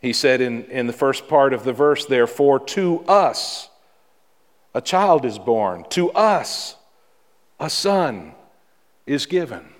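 A man pastor preaching a sermon in a church, with dramatic pauses and repeated words for emphasis. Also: medium pitch, animated, long reverb tail. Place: church sanctuary.

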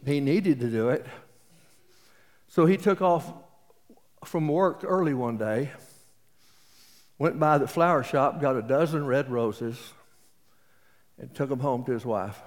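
A man's voice: mid-range voice, takes it slowly, long pauses. Folksy East Texas preacher in his seventies. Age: 70s. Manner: folksy storytelling with jokes. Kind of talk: sermon. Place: auditorium. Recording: reverberant auditorium.

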